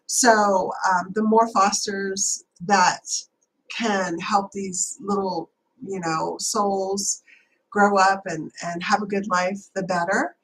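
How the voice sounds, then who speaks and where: A woman hosts a live stream and talks in a casual, rambling way with plenty of fillers. Her voice is bright and sits at a middle pitch. A faint hiss runs underneath. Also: poor audio. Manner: rambling, chatty, many fillers. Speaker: spiritual channeler and live-stream host.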